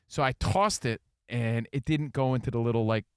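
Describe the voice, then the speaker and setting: A man's voice: normal speed, clean tone, no echo, studio quality. A man co-hosting a sports radio show, telling stories with a lot of energy and acting out the people in them. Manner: animated storyteller, acts out quotes in high voices. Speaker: radio co-host. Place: radio studio. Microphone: studio mic.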